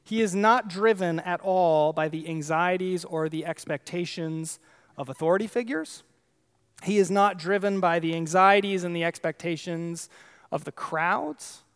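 High-voiced man preaching in a reverberant hall. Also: a little slow, smooth. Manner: conversational, animated storytelling with asides. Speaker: pastor. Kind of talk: sermon.

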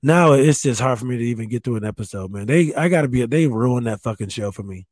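A man's voice: medium pitch, animated, fast, darkish tone, dry recording. A man in his thirties hosting a casual solo podcast from a spare bedroom at home, rambling and swearing with self-mocking humor. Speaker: podcast host.

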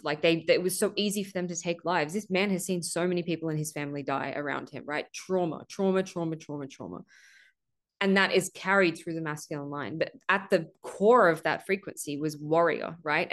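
A woman hosting a podcast, giving an earnest spiritual monologue, stressing points with swearing and a habitual "right?". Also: low voice. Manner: earnest, repeats "right?" often, swears for emphasis. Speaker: podcast host.

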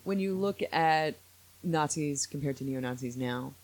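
A man hosting a podcast in casual chat, opinionated and animated, quick to laugh. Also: fairly high pitch. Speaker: podcast host.

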